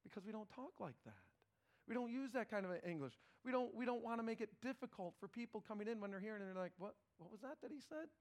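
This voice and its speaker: A middle-aged male pastor preaching a sermon in a conversational, animated way, often repeating words as he starts phrases. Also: sits high, fast talker.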